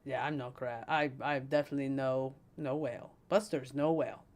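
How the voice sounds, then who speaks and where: A woman's voice: very deep voice, steady tone, normal speed, a little mellow. A woman streamer voicing a scheming female poison witch who tells fortunes, rambling and playfully mean in character. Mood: ranting. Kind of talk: in-character livestream role-play.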